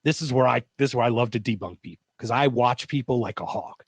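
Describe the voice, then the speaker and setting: A man from Philadelphia, a guest telling a story over a video call in a rambling, animated way. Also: medium pitch, fast talker, husky, dry recording. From East Coast of the United States, Philadelphia. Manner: animated, rambling, full of "like" and asides.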